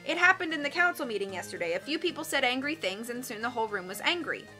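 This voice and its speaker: Bookish boy, calm explainer, read by a woman, bright and a bit high. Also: quick pace, faint music behind. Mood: explaining. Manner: patient, explanatory reading.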